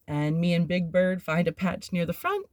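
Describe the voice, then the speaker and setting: A podcast host shares a personal story candidly and ramblingly, dotted with filler words and nervous laughs. Her fairly low, darkish voice has lively intonation at a normal speed, recorded with clean studio sound and no room tone.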